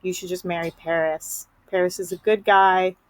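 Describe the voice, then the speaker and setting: A woman's voice: fairly low pitch, level tone, normal speed, no echo, lightly acted, rough recording. A woman paraphrasing a matter-of-fact older nurse. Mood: resigned. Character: practical older female nurse.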